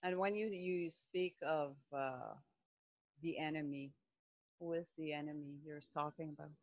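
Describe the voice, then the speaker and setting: Slow, quiet questioner with a French accent. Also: medium pitch, no room sound, muffled recording. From France.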